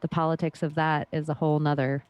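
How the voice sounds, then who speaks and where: A woman with a lowish voice holding forth on a podcast. She is blunt and swears freely, pressing her points in long emphatic rants. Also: level tone, fast talker, a little mellow, no echo. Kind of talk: casual podcast chat.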